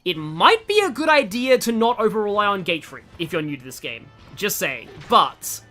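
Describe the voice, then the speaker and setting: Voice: medium pitch, very animated, normal speed, sharp tone, faint music behind. A young adult streamer giving casual, rambling gameplay commentary, often breaking off mid-sentence. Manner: rambling, chatty, self-interrupting. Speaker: gaming streamer.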